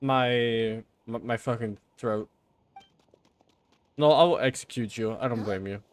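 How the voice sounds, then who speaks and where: A man streaming a game, giving casual commentary with sarcastic remarks, frequent swearing and excitable outbursts. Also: medium pitch, measured pace, slight background noise.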